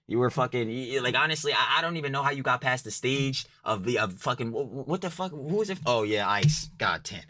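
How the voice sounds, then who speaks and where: A man's voice: mid-range voice, a bit bright. A young man giving heated, profane, exasperated reaction commentary full of slang.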